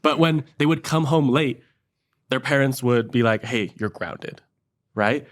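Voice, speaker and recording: A young man co-hosting a faith podcast, thoughtful and earnest in casual chat. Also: mid-range voice. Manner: thoughtful, earnest, builds his point slowly. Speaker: podcast co-host.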